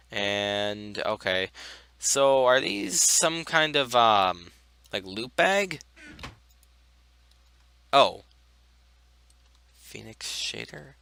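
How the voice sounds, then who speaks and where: A man's voice: mid-range voice, vocal fry, bright, forceful tone, smooth, no room sound. A tired young man in casual game commentary, rambling with lots of fillers. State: tired, yawning. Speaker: gaming video host.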